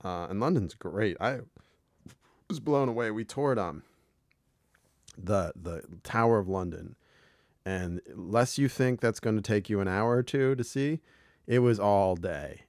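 Rambling American man with a low voice. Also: expressive, measured pace, pauses often, a little mellow, no echo, clean studio sound. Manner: rambling, swears often, many restarts. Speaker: podcast co-host. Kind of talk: casual chat.

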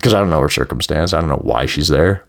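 A man's voice: a bass voice, fast talker, creaky. A young man talking through personal stories in a casual, candid monologue, rambling with many fillers and some swearing. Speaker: podcast host. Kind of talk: first-person storytelling monologue.

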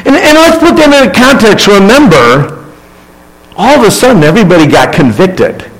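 A man's voice: mid-range voice, poor audio. A male pastor preaching a sermon, reading scripture and acting out the quoted lines with rising emphasis.

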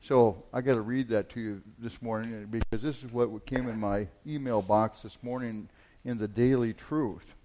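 A man preaching a sermon in a conversational way, with many fillers and restarts, rising loud on emphatic lines. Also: mid-range voice, steady tone, moderate pace, slight background noise. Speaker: pastor.

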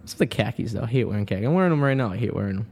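A man's voice: mid-range voice, expressive, rapid-fire, creaky, darkish tone, breathy edge, long reverb tail. A man co-hosting a radio talk show, telling rambling stories full of "uh" and restarts. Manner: rambling storyteller, trails off with uh. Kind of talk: casual banter. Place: small radio studio.

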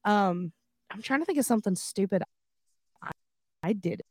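A woman co-hosting a podcast, telling a childhood story in an animated way, often laughing. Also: mid-range voice, moderate pace, no room sound, clean studio sound. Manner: animated, laughing, full of fillers. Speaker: podcast co-host. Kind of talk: casual storytelling.

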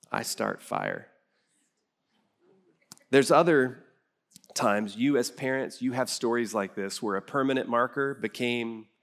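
Middle aged guy pastor giving a sermon, storytelling, acts out voices, middle pitch.

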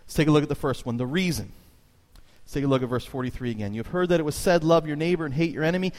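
A man preaching a sermon as pastor, telling stories with lively emphasis and sudden high jumps in his voice. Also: fast. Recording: long reverb of a church hall.

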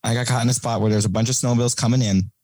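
A man chats as a podcast guest, spinning stories and acting out the lines people said. He laughs often. His voice sits at an ordinary pitch and sounds dry and close. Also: fairly even intonation, racing, darkish tone, no echo, low-quality recording. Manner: laughing storyteller, acts out quotes. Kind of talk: casual chat.

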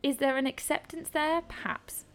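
Chatty woman tutor with a gravelly voice. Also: high-pitched, fairly even intonation, moderate pace. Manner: chatty, enthusiastic, frequent ums. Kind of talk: explaining a set text for an exam.

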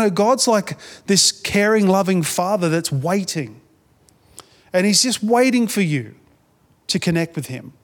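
A man's voice: high voice, in a large hall. A man preaching as a pastor in a conversational sermon style, earnest, often repeating phrases and restarting sentences.

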